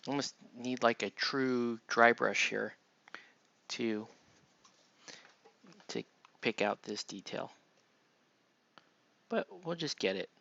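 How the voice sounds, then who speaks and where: Gravelly-voiced man streaming his painting. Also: mid-range voice, lively intonation, takes it slowly, pauses often, sharp tone, highs cut off. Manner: murmurs half to himself, chatting to viewers between brushstrokes. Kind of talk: casual live-stream chat while painting.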